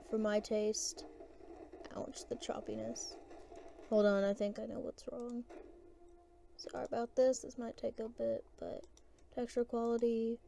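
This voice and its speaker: A woman's voice: medium pitch, vocal fry, warm tone, a little hiss or hum. A woman giving casual gameplay commentary, rambling and hesitant as she thinks aloud.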